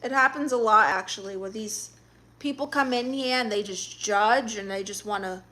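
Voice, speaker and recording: At a moderate pace, a woman with a fairly high, pushed, bright voice hosts a casual stream. She reads out what viewers write and answers with attitude, dropping "honey" again and again.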